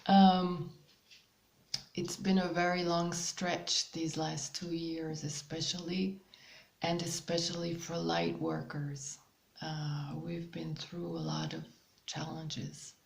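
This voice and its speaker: A woman hosts a spiritual guidance talk in an easygoing monologue, her voice pitched a little low with a gravelly edge. She speaks very slowly and hesitantly, filling the pauses with ums, and the room gives her voice a noticeable echo. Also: level tone. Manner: slow, hesitant, with many ums and soft laughs. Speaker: spiritual channel host.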